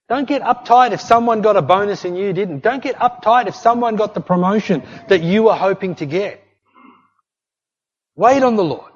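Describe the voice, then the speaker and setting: A middle-aged man preaching a sermon as pastor, emphatic and repetitive, often calling out "hey" to the congregation. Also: high voice. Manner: emphatic preaching with repeated "hey" and "don't fret". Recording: long hall reverb, dull lo-fi sound.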